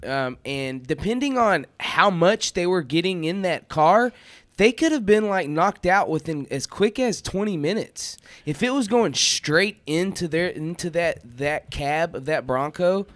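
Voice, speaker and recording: A man's voice: high voice, animated, a little slow, a bit bright, dry recording. A man co-hosting a radio show, explaining things in a conversational way from a studio. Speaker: radio co-host. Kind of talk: casual radio chat.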